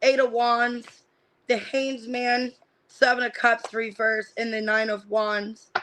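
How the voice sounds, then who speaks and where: Bright-voiced woman reading tarot cards. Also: a little high, flat delivery, slow pace, slight background noise, poor audio. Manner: casual, thinking aloud, lots of "I feel like" and "like"; names cards one by one, then interprets. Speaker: tarot reader. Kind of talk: live-streamed tarot reading.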